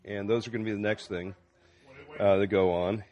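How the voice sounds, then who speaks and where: A man, a chef co-hosting a radio cooking show, calmly explaining how he builds a sandwich. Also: on the low side, fairly quick, lo-fi sound. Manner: laid-back, explains cooking steps with fillers. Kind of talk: casual radio banter.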